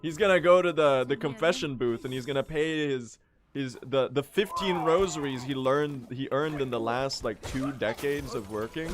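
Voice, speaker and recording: A man's voice: mid-range voice, normal speed. A young man doing live, joking gameplay commentary as a speedrun streamer. He chats to his viewers and swears casually.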